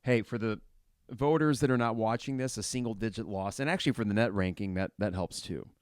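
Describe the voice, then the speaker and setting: A man's voice: lowish voice, fairly quick, no echo, clean studio sound. Frustrated man calling a game live. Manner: blunt and frustrated, shouts at players; swears casually. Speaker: podcast host reacting live to a basketball game. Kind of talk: live play-by-play reaction.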